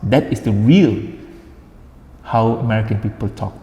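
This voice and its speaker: A man's voice: lowish voice, moderate pace, mellow. A man with a Malaysian accent teaching a casual class, chatty, repeating words and slipping into Malay. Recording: echoey room with long reverb.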